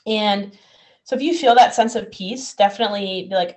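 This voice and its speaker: A woman's voice: mid-range voice, normal speed. Earnest woman co-host sharing faith. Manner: earnest, relaxed, reads scripture aloud. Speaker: podcast co-host. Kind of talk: casual faith chat.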